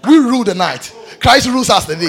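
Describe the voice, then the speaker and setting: Male preacher, fervent sermon delivery, high, gravelly voice. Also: expressive, quick pace. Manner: shouts scripture, then drops to soft prayer.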